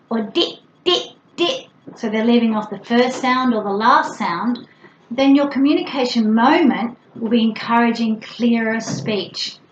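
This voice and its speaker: A woman's voice: a little high, slight background noise. A middle-aged woman, a speech pathologist, patiently explaining to parents and breaking into exaggerated, playful sound demonstrations. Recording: roomy, slightly dull with faint ambience.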